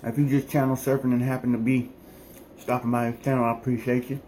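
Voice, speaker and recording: A man's voice: medium pitch, level tone, fast, mellow, a little hiss or hum. A man chatting casually to viewers in a morning vlog at home, rambling and talking to his pets. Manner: laid-back, rambling, talks to his pets. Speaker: vlogger.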